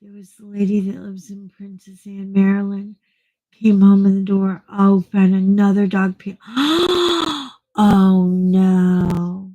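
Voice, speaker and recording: A woman's voice: mid-range voice, monotone, moderate pace, warm tone, no room sound, low-quality recording. A middle-aged woman hosting a casual live chat with viewers, blunt and chatty, often laughing as she talks. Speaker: livestream host.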